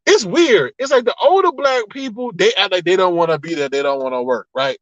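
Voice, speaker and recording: A man with a high, lively voice chats casually on a livestream, talking back to his chat and telling stories with big exclamations. The sound is dry and a little dull and lo-fi. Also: a little fast, no echo. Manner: animated, exclamatory storytelling with frequent laughs. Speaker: livestream host reading chat.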